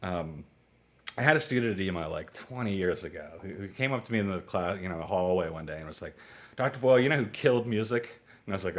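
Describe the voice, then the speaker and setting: Slightly low-voiced and talkative, a male music teacher lectures casually to a small online class. He digresses with quick asides and laughs, and voices dialogue with lively pitch jumps.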